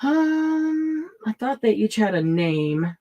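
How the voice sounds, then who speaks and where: A woman's voice: fairly high pitch, big pitch swings, slow, warm tone, highs cut off. Chatty woman hosting a live craft sale. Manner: chatty, thinks aloud while pricing items. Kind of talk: casual live sale chat.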